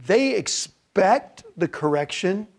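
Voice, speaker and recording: A man's voice: sits high, animated, takes it slowly, creaky. A man giving a parenting talk to a live audience, conversational and often checking in with the room. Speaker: parenting seminar speaker.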